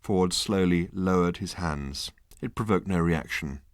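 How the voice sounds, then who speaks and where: A man reading an audiobook aloud with wry, deadpan humor. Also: sits low, unhurried, clean tone, no echo, studio quality. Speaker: audiobook narrator. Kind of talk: scripted narration.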